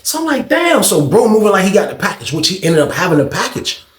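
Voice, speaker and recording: A man telling a story casually and animatedly, jumping up in pitch to act out other voices. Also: fast talker. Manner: animated, acting out voices with big pitch jumps. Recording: echoey room.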